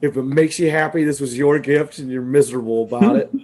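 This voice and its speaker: A man co-hosting a podcast, telling a story in casual chat, animated and swearing, laughing often as he quotes people. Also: mid-range voice, fast. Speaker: podcast co-host.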